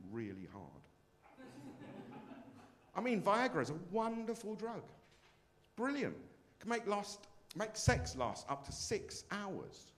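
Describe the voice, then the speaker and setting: A man performing a brash, self-mocking stand-up comedy set on a club stage. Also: mid-range voice.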